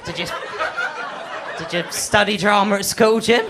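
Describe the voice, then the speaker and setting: A man's voice: high voice, unhurried, heavy background noise. Male stand-up, teasing crowd work, live club recording with audience laughter. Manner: teasing banter with audience members. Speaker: stand-up comedian. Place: comedy club stage.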